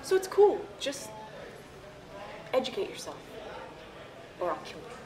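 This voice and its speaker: A man's voice: high voice, huge pitch swings, a little slow, crowd noise, full character voice. An actor playing an unhinged male inmate who talks manically and threatens while laughing, in a sketch comedy monologue. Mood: manic threatening.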